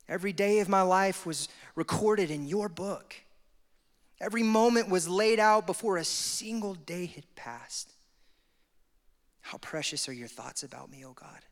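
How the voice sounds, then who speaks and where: A man preaching a sermon and praying, swinging from hushed, intimate prayer to loud, impassioned exhortation. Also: a little high. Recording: long hall reverb with music behind.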